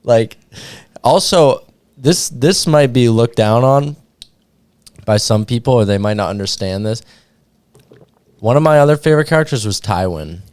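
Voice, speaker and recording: A man's voice: mid-range voice, expressive, moderate pace, long pauses, darkish tone, clean tone, dry recording. A man hosting a podcast in casual chat, loose and rambling, full of 'like' and 'dude'. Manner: loose, filler-heavy, says 'like' and 'dude' a lot. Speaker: podcast host.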